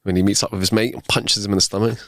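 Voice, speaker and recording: A man's voice: fairly low pitch, fairly even intonation, very fast, vocal fry, a bit bright, no room sound, studio quality. A young man co-hosting a podcast in casual chat, rambling with enthusiasm and laughing often. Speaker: podcast co-host.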